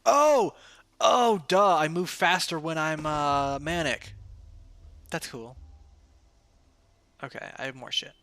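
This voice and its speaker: A man's voice: on the high side, slow pace, long pauses, bright, forceful tone, no room sound. A man streaming a game, chatting casually in an offhand, joking way and reading item text aloud. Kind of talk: casual gameplay commentary.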